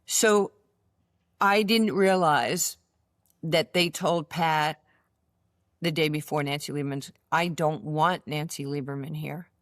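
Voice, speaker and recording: A woman in her sixties with a New York accent, telling animated stories as an interview guest and acting out the voices in them. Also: low voice, dry recording, clean studio sound. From United States. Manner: animated storyteller, acts out voices in her anecdotes. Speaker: interview guest, former basketball player. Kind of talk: casual storytelling interview.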